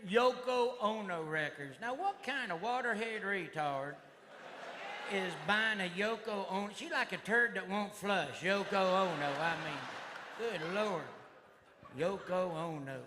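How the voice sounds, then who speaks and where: On a comedy club stage before a live audience, a middle-aged Southern US man rambles through his stand-up in a rowdy redneck drawl, shouting the punchlines. His voice is high and a little slow, and the live hall recording catches audience laughter and crowd noise.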